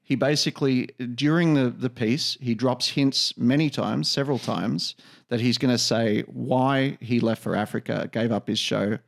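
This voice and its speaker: Man, casual podcast chat, gravelly voice, rambling with restarts. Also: medium pitch, steady tone, moderate pace. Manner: rambling, many restarts and fillers. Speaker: podcast co-host. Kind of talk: casual conversation.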